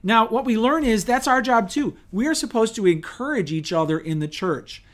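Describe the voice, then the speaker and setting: A man preaching a sermon in a lively, conversational way, asking rhetorical questions and acting out little quotes. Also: high-pitched, normal speed. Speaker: pastor.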